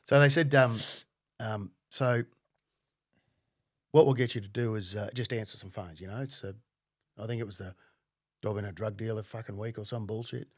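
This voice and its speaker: A man's voice: on the low side, fairly even intonation, normal speed, dry recording, studio quality. A man with an Australian accent telling stories on a podcast in a blunt, profane way, laughing often. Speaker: podcast guest, former undercover cop. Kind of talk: casual storytelling.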